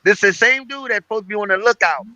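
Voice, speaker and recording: A man co-hosting a casual podcast, telling a gaming story in a lively rush of crude slang and repeated phrases. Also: high-pitched, fast talker, no echo, muffled recording. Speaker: podcast co-host.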